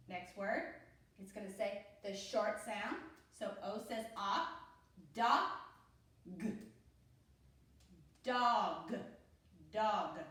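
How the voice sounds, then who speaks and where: A woman with a Southern US accent walks young children through a phonics lesson, her voice a little high and steady. She speaks slowly and patiently, repeating each rule. The sound is very roomy and echoey, caught from some distance away from the mic. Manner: slow, patient, repeats with "okay?". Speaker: pre-K teacher. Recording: echoey room, voice a bit far from mic.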